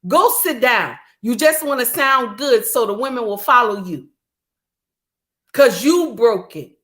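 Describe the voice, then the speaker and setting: A woman's voice: fairly high pitch, expressive, a little slow, fairly bright tone. A middle-aged woman, delivering an indignant, preachy ranting monologue full of repetition. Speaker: commentator.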